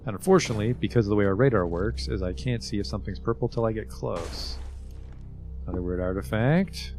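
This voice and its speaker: Male game streamer, low voice, loose and chatty, reads in-game text aloud over faint background music. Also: fast talker, darkish tone. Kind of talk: casual livestream commentary.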